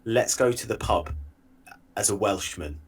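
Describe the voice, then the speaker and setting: A man with a husky, slightly raspy voice pitched on the low side, co-hosting a loose podcast. He teases and goads his co-host, laughing often as he talks. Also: a little slow. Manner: teasing, goading, laughs a lot. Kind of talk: casual banter podcast.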